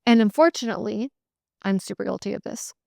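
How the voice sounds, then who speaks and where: On a clean studio recording with no room sound, this sales coach podcast host speaks a little fast in a medium-pitched, creaky, slightly mellow voice. Delivering a frank solo pep talk, she swears casually, hits points emphatically and repeats phrases in bursts.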